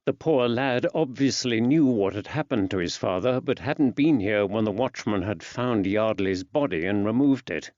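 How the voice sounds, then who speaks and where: A man narrating an audiobook in a measured, even storytelling delivery. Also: on the low side, no echo. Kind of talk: scripted narration. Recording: dull dry studio sound.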